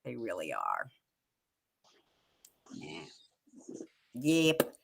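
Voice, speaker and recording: A woman hosting a casual live chat show, excitable, laughing often and quoting movie lines. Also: a bass voice, extremely slow, creaky, slightly rough. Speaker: show host.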